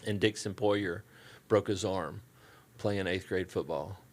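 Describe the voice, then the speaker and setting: A middle-aged Southern man with a fairly low voice tells stories in a podcast interview. He is easygoing and folksy, and he acts out the voices of the people in his stories. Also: measured pace. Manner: relaxed, folksy anecdotes with quoted dialogue. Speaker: church staff guest. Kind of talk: casual storytelling interview.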